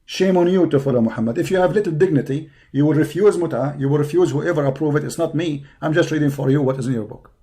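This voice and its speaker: Male host, strained hoarse voice, somewhat high and mellow, confrontational taunting delivery on a live stream. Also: fast talker, few pauses. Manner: taunting, confrontational, repetitive insults. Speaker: online debate show host. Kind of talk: heated polemical monologue. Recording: live stream over a poor connection.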